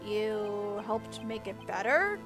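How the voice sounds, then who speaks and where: A woman voicing a young male defense lawyer in a courtroom game, speaking quietly and sounding unsure. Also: mid-range voice, lively intonation, slow pace, music in the background. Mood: probing.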